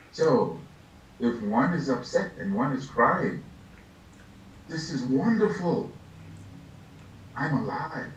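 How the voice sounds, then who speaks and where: An older man, a Buddhist lama, giving an unhurried, reflective dharma talk, laughing softly and acting out little scenes as he teaches. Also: medium pitch, expressive. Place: meditation hall. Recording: echoey room, distant mic, faint ambience.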